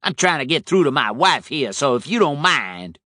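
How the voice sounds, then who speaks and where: A man voicing an exasperated businessman talking on his cell phone, raised and lively. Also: a little high, normal speed, no echo, clean studio sound, voice pushed up. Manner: brash, exasperated.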